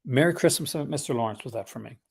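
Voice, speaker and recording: Man, live stream host, casual unboxing chat, rambling, enthusiastic, average pitch. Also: fast talker, gravelly, husky. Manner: rambling and conversational, full of asides; enthusiastic film collector.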